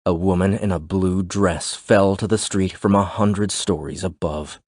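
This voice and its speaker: Brief: male narrator, low voice, steady scripted delivery, dry close sound. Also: a little slow, no room sound. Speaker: audiobook narrator.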